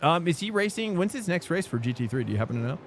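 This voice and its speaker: Streaming sim racing over background music, this man rambles casually to his audience. He talks at a racing speed in a fairly high voice with big pitch swings. A little hiss or hum can be heard.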